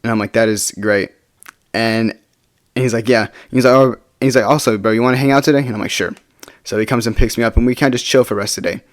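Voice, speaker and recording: Fast-talking young man telling a story. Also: medium pitch, steady tone, dry recording, clean studio sound. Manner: rambling, many restarts and "like"s; acts out friends' lines in quick quotes. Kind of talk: casual storytime.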